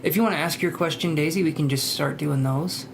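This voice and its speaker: A man's voice: a little high, fairly quick, creaky, background noise. A man hosting a live tarot reading stream, chatting casually, greeting viewers by name and joking about himself.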